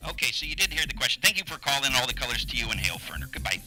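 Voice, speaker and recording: A man answering calls on a live show with brisk, chipper phrasing. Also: mid-range voice, wildly swooping pitch, sharp tone, soft background music, rough recording. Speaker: call screener.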